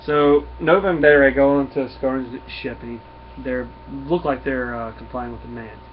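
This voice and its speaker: A man's voice: medium pitch, steady tone, normal speed. A man with a Southern US accent giving a casual comic book review, retelling the story in a rambling way with restarts. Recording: dull lo-fi recording, faint hiss.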